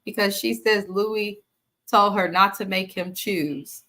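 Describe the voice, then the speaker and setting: A woman's voice: medium pitch, fairly even intonation, slow, bright, forceful tone. A woman hosting a casual live recap of a reality TV episode. She talks straight to her viewers, blunt, opinionated and full of swearing. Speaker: host of a reality TV recap channel.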